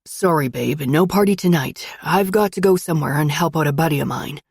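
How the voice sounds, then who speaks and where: A woman voicing a brooding, possessive young man who talks in a low, gruff mumble. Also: brisk, a little mellow, no echo, clean studio sound.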